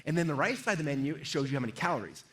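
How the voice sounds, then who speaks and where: A middle-aged man runs a live sales seminar, talking quickly in a slightly raised voice. He keeps checking in with the crowd and acts out the voices inside people's heads. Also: fairly high pitch. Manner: energetic, asks the audience questions, acts out inner voices. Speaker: sales trainer. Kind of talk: live seminar talk to an audience.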